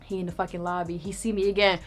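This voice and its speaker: Young woman rattling off a story fast, animated, swears a lot, acts out the quotes, music faint underneath. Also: lowish voice. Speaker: storyteller guest. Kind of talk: casual storytelling.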